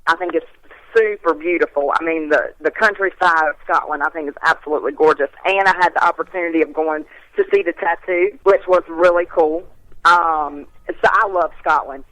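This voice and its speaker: A woman, a guest in a casual interview, telling stories in a folksy, animated way. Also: low-pitched, fairly quick, no room sound, low-quality recording. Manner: animated storyteller, folksy, laughs often.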